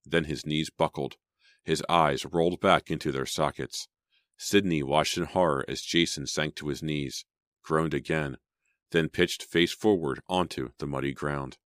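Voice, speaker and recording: A man's voice: a bass voice, steady tone, measured pace, fairly bright tone, no room sound, clean studio sound. A man reading a horror audiobook in a dramatic, suspenseful storytelling style. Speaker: audiobook narrator. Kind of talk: scripted audiobook narration.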